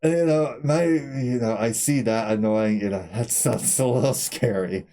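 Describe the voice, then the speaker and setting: A man's voice: medium pitch, normal speed, dark tone. A man streaming a game, telling candid, profane stories from his childhood and laughing through them. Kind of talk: casual storytelling between game segments.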